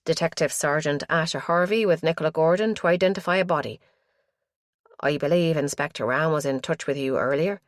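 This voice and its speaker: A woman's voice: low-pitched, brisk, dry recording, close to an everyday voice. A woman voicing a wry young female police detective in an audiobook. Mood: formal.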